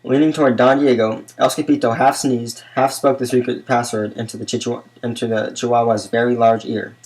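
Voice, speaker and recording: Brief: man narrating a kids' picture book, steady and unhurried. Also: medium pitch, poor audio. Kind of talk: children's book read-aloud.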